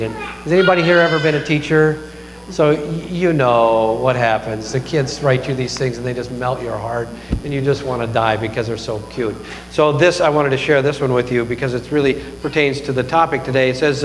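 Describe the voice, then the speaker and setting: In an echoey church hall with long reverb, a man preaches a casual, conversational sermon on a mic, cracking jokes at his own expense. His voice sits in the mid range, and a bit of background noise is audible.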